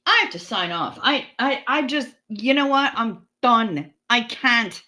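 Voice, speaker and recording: A woman's voice: fairly high pitch, expressive, a little slow, sharp tone. A woman in her forties from the United States, chatting casually with her livestream viewers, rambling and swearing freely. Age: 40s. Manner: profane, rambling, talks back to chat. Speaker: livestream host. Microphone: streaming setup.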